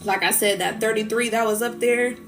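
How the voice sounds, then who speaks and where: A woman's voice: on the high side, steady tone, a little fast, noisy background. A woman hosting a spiritual livestream, speaking in a heartfelt, rambling way full of fillers, getting tearful as she talks about healing. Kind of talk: emotional casual livestream talk.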